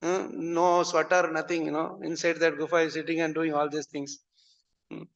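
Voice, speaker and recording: A man's voice: a little high, level tone, moderate pace, creaky, in a large hall, muffled recording. A man teaching a scripture class, patiently and encouragingly explaining the verse meter.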